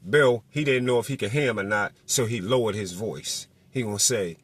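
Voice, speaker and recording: Profane animated man on a boxing rant. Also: medium pitch, a little fast, no room sound. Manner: animated, profane, mocks people in put-on voices. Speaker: boxing commentator. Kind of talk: casual monologue.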